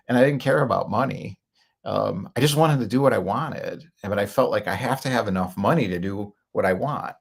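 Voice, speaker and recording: A man's voice: on the low side, brisk, creaky, husky. A middle-aged man telling a personal story in a chatty, casual way, laughing often and acting out quoted lines. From Chicago area, United States. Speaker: podcast host.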